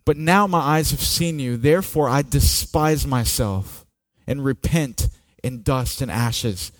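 A man preaching a sermon with slow, dramatic delivery, dropping to near-whispers and rising to loud peaks. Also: mid-range voice, no room sound, studio quality. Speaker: pastor.

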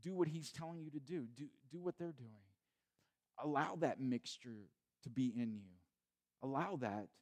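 Guy preaching, chatty and animated, jokes here and there. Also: medium pitch, moderate pace. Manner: conversational, animated retelling with playful asides. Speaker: pastor. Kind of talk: sermon.

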